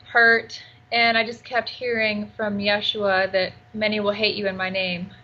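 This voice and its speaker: A woman's voice: mid-range voice, level tone, measured pace. A woman working as a medium in a casual chat, talking animatedly and laughing often as she relays messages. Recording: dull lo-fi audio.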